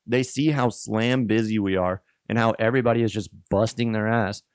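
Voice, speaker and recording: A man guest on a casual podcast telling animated, slangy stories about restaurant work, swearing freely and calling people "bro". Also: lowish voice, fairly quick, smooth, no room sound, clean studio sound.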